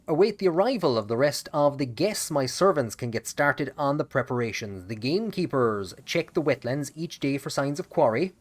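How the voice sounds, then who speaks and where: A man hosts a let's play, reading the game's event text aloud in a voice of ordinary, middle pitch. He breaks off between passages with dry, joking asides.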